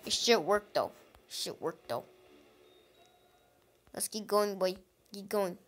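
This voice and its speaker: A woman hosting a gaming channel, giving excitable let's-play commentary and talking straight to her viewers with frequent exclamations. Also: mid-range voice, slow.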